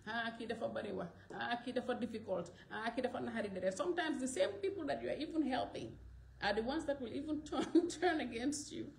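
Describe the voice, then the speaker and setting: Woman, high voice, impassioned monologue, echoey room. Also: fast talker, creaky, slight background noise. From the Gambia. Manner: rising to loud exclamations, mixing in Wolof. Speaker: commentator from the diaspora.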